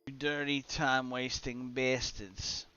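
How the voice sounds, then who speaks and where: Slow, muttering young male game streamer. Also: mid-range voice, level tone, pushed and bright. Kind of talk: casual gameplay streaming chat. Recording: slightly dull lo-fi stream audio with faint music.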